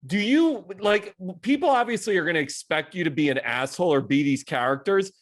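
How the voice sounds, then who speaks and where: A man's voice: on the high side, animated, fairly quick. A man hosting an interview show, asking questions in an eager, casual and profane way. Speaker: host.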